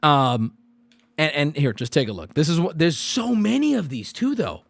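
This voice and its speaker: A male streamer in his thirties rants at a live audience, swearing freely and often jumping into disbelieving shouts. His pitch swings widely from low mutters to high yells. The sound is dry and close. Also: very animated, normal speed, creaky, no room sound. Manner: profane, incredulous, swings to sudden yelling. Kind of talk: ranting live stream commentary.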